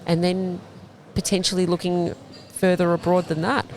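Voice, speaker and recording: An Australian bakery founder, sitting for a casual interview inside her own bakery, tells fluent, detailed stories. Her voice is lowish and a little mellow, with a level tone and moderate pace.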